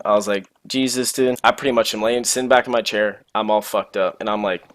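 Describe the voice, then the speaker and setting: Profane young man telling a story, low-pitched. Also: brisk, few pauses. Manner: animated, profane, slangy. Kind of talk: casual storytelling.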